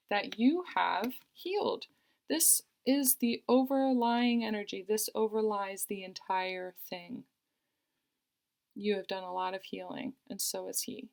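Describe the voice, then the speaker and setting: A woman reads tarot cards in an earnest, reassuring way, circling back over the same phrases. Her voice has a gravelly creak to it, and she sits at a middling pitch. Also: unhurried, darkish tone. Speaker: tarot reader. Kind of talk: tarot card reading.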